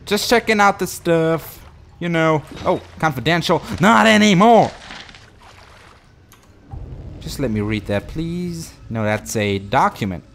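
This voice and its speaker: High, lively-voiced profane game commentator man. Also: a little slow, vocal fry, slight background noise. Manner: profane, excitable, talks to himself and the game. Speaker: gameplay commentator.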